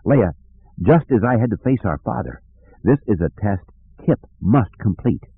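A man doing a solemn, forceful Jedi master. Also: fairly low pitch, lively intonation, measured pace, creaky, husky, dry recording, heavily acted. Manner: solemn and firm. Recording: dry tinny phone-like audio.

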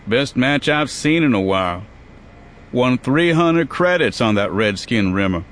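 A man's voice: medium pitch, expressive, measured pace, fairly bright tone, voice pushed up. A man reading a story, voicing a bored, chatty prison guard with a folksy manner. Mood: boastful. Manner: folksy and gabby.

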